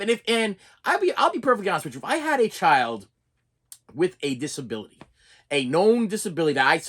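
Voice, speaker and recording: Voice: medium pitch, a bit bright. A middle-aged preschool teacher telling a story in a casual rant, exasperated, often repeating words and restarting sentences.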